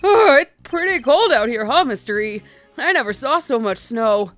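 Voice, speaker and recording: A woman's voice: sits high, animated, moderate pace, fairly bright tone, soft background music. A woman voicing an eager young male assistant in a video game, talking in an upbeat, chatty way. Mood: excited.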